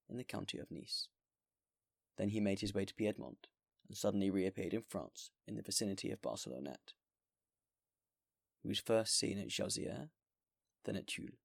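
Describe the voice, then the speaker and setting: A man hosting a podcast and reading a classic novel aloud in a steady, measured way. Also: on the low side, vocal fry, breathy edge, no echo, clean studio sound. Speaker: podcast host and reader.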